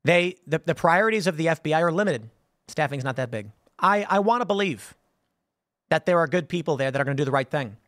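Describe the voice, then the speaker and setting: Guy hosting a commentary show, kinda high voice, keeps tripping over his words, dry studio mic. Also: expressive, fast, a bit bright, no room sound. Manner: stammering restarts, repeating words. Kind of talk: casual commentary monologue.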